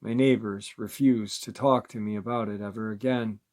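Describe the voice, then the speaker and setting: A man narrating listeners' creature encounter stories in a steady, measured reading voice. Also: lowish voice. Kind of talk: scripted narration.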